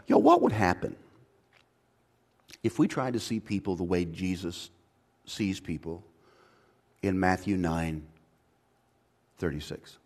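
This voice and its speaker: A man's voice: lively intonation, takes it slowly, pauses often. Dynamic preaching pastor, man. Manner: swings from quiet and low to loud, high-pitched preaching; casual slang, repeated restarts. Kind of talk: sermon.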